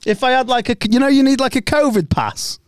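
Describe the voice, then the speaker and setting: A man's voice: extremely high pitch, brisk. A young man co-hosting a casual podcast, joking, swearing and laughing often. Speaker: podcast co-host. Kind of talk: casual banter.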